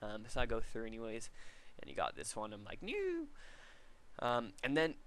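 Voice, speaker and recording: A man's voice: lowish voice, expressive, brisk, fairly bright tone, a little hiss or hum. A young man giving casual, rambling commentary over a video game, laughing at himself and trying out silly voices. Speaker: gaming commentator.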